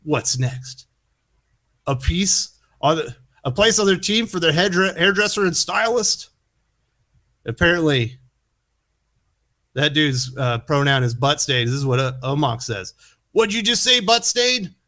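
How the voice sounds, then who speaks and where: A man's voice: on the high side, a little slow, pauses often, pushed and bright. A man hosting a comic book commentary, sarcastic and incredulous, often chuckling at what he reads. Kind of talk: opinion commentary.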